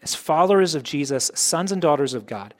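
A man preaching a sermon with a fairly high voice. He talks conversationally, pushing hard on his main points, then dropping into quiet, low asides. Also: expressive, fairly quick. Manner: conversational preaching, swings between loud emphasis and soft, low asides. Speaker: pastor.

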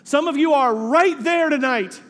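High-voiced preacher in a reverberant hall. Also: male voice, a little slow. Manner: animated, conversational preaching with reflective scripture reading. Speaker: pastor. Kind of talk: sermon.

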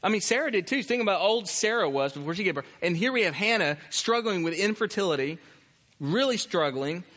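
Bright-voiced male preacher, emphatic. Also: sits high, expressive, brisk, long reverb tail. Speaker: pastor. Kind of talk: sermon. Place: church.

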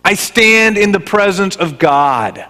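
A man's voice: high voice, big pitch swings, slow, bright, forceful tone, in a large hall, exaggerated voice. A man voicing a male angel messenger who scolds with stern emphasis, in a sermon retelling. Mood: indignant.

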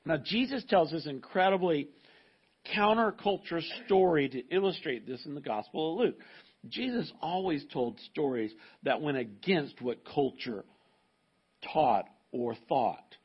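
Husky-voiced male pastor preaching. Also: fairly high pitch, lively intonation, a little slow, dull audio. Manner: emphatic, conversational preaching with restarts. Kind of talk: sermon. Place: church service with a live congregation.

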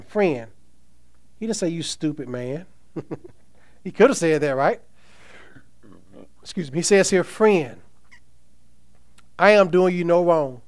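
A pastor with a high, clean-toned voice preaches a sermon, reading scripture aloud and emphatically putting questions to the congregation.

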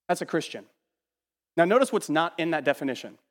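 A man preaching a sermon in an animated, emphatic way, repeating words as he builds a point and dropping to quiet asides. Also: a little high, a little fast, pauses often, big-room sound. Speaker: pastor.

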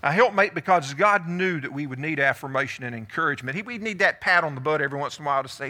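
Male pastor, sermon, lively, talks to the congregation, high voice, very bright tone. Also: fast, few pauses. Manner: animated, calls on listeners by name, asks the room questions.

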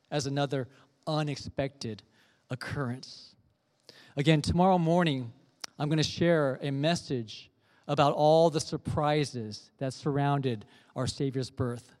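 A pastor giving an earnest sermon, telling a gentle story before turning to scripture. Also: male voice, on the high side, long reverb tail.

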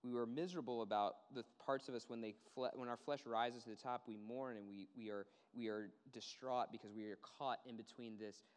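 A man preaching a sermon, earnest and emphatic, repeating words and dropping low and quiet to stress a point. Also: fairly even intonation, fairly quick, few pauses, clear, resonant tone. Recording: long hall reverb.

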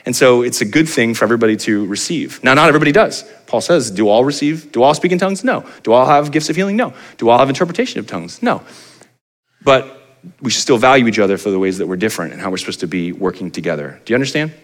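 Animated male pastor preaching. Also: fast talker. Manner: animated, pitch rising for emphasis, asks the crowd rhetorical questions. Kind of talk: sermon.

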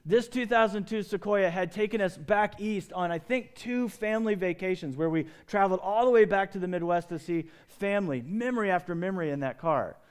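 Delivering his sermon briskly and with hardly a pause, this middle-aged pastor keeps a clean tone while his lively storytelling rises and falls sharply in pitch and loudness.

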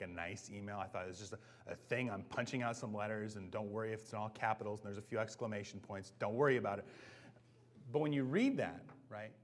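Man preaching a casual, chatty sermon. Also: lowish voice. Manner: casual, self-deprecating, often asks "right?". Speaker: pastor. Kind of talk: conversational sermon.

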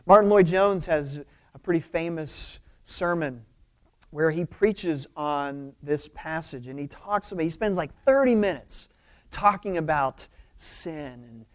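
Casual preacher giving a sermon, unhurried, keeps tossing in "right?", leans hard on key words. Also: mid-range voice, expressive. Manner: informal, often checks in with "right?". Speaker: pastor. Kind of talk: conversational sermon.

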